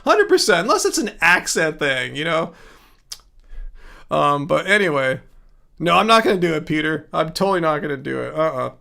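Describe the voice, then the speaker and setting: A man with a high-pitched voice hosts a casual livestream and talks straight to his viewers. He rambles in a chatty way, restarting sentences and filling gaps with ums as he reads comments aloud. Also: sing-song, normal speed, gravelly, sharp tone. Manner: rambling, chatty, frequent fillers and self-corrections. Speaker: livestream host.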